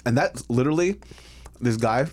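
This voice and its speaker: A man's voice: mid-range voice, animated, normal speed. A man co-hosting a casual podcast over food, joking and self-mocking as he talks. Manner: joking, self-mocking, bursts into loud laughter. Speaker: podcast co-host.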